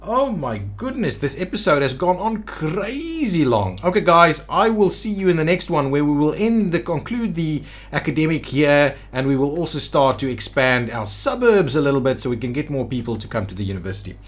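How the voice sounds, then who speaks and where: A man's voice: on the high side, big pitch swings, normal speed, few pauses. A man giving gameplay commentary on a city-building game, thinking aloud with hesitant restarts as he builds. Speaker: city-builder video creator.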